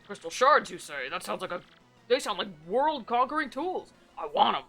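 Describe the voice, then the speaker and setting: A woman voicing a grumpy, bossy male monster king while reading game dialogue aloud, dropping her voice low and gruff. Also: very animated, normal speed, pushed and bright, faint music behind, heavily acted.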